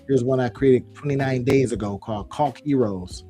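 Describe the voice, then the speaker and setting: A man giving a live screen-share tutorial on online business, talking in an animated, folksy way and calling viewers y'all. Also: medium pitch, moderate pace, faint music behind.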